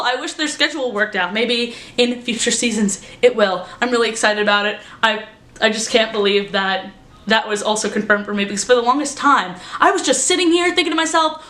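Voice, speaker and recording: A young woman vlogger chatting casually and excitedly, with lots of "like" as she recounts her day. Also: fairly high pitch, a little fast. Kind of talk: casual vlog recap. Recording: roomy echo.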